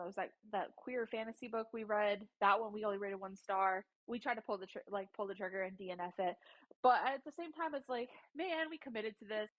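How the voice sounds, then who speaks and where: A woman co-hosting a book podcast in casual chat, blunt and rambling, recorded on a dull headphone mic. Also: mid-range voice. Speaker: podcast co-host.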